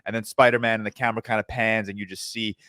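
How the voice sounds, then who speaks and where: A man's voice: lowish voice, level tone, quick pace, pushed and bright, no echo, clean studio sound. Laid-back male podcast co-host. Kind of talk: casual film review chat.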